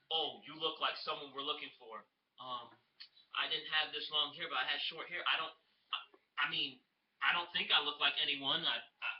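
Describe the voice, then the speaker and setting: A young man vlogging from home in a slightly high voice, earnest and plain-spoken, leaning on "you know" as he works through his thoughts. The sound is roomy and a bit dull, with a faint hiss behind him. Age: young adult. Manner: earnest, conversational, full of "you know" asides. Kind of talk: casual personal commentary to camera. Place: indoors at home, TV audible.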